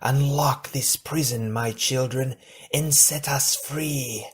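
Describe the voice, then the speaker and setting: A man's voice: mid-range voice, fairly even intonation, slow, slightly rough, voice pushed up. A man voicing ancient monstrous imprisoned queens, wailing in a faint whisper in an audiobook. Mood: eerie pleading.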